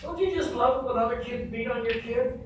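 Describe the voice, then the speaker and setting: With a very high-pitched voice and a fairly quick pace, a man preaches as pastor in a church sanctuary. He is emphatic and repetitive, quizzing the people in the pews. The sound is distant and echoey, with a faint noise floor.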